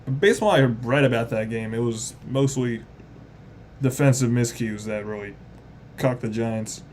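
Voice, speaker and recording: A young man calling baseball play-by-play on a live stream, casual and chatty as he reads viewer comments between pitches. His voice sits at a middle pitch, with faint noise behind it. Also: normal speed, a little mellow. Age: young adult.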